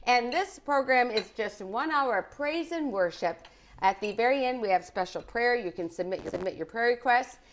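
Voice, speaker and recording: A woman's voice: fairly high pitch, lively intonation, moderate pace, a little hiss or hum. A middle-aged woman hosting a live home cooking program, chatting cheerfully with children and viewers. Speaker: cooking show host. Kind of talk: live casual cooking chat with kids. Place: living room at home.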